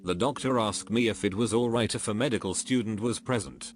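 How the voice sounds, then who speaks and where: A man narrating a series of reader-submitted stories in a steady, even, scripted reading. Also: on the low side, a little fast. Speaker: narrator reading online posts. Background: faint background music.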